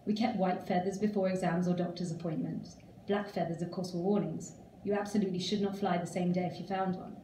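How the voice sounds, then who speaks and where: A woman reading her own short story aloud, with calm, measured storytelling. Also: lowish voice, a little hiss or hum. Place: reading event room. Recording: roomy, distant live reading.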